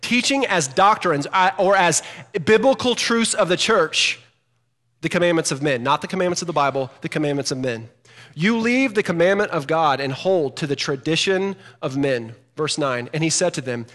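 Animated preacher in an echoing hall. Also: male voice, a little high, normal speed. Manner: animated, rising to emphatic loudness when quoting scripture. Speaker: pastor. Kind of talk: sermon. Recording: long hall reverb.

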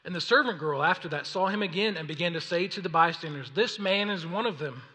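A man preaching a sermon, reading scripture and acting out the people in the story in an animated way. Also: high voice, fast. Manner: animated, acts out voices of the story. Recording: long reverb of a hall.

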